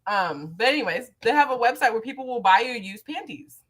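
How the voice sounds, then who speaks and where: A young adult woman co-hosting a casual chat, chatty and eager with quick asides. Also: a little high, animated, breathy edge. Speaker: podcast co-host.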